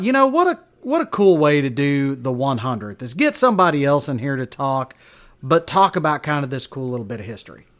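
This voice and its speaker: A man's voice: on the high side, a bit bright. Rambling man hosting a podcast. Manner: rambling storyteller, chuckling, many fillers. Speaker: podcast host. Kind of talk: casual podcast monologue.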